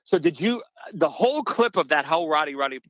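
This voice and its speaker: A man talking as a guest on a podcast, telling stories with quick restarts and asides. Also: on the high side, animated, fairly bright tone, dry recording. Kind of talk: casual podcast interview. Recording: dull, slightly lo-fi dry sound.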